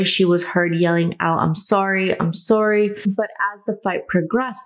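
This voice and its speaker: A woman hosting a true crime channel, earnestly retelling a case and adding her own comments. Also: lowish voice. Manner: earnest, adds personal comments.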